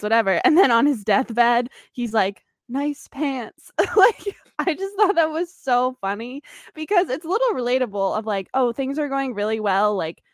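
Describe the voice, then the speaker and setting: A woman's voice: mid-range voice, no echo, clean studio sound. A woman co-hosting a podcast, chatting casually with a giggly manner and lots of fillers. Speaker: podcast co-host. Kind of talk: casual chat.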